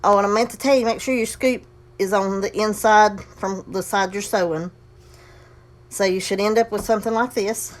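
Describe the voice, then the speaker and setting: Host, woman, casual crafting tutorial, folksy and talkative, mid-pitched, slightly heavy breathing. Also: fairly even intonation, moderate pace. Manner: chatty, folksy, talks herself through the steps. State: breathing heavily. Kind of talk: casual sewing demonstration.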